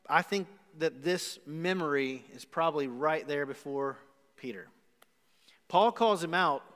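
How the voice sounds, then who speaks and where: A man's voice: a little high, a bit bright. A male pastor preaching a live sermon in a church, retelling a story dramatically and speaking straight to his listeners. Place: church sanctuary. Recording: live church recording with long reverb.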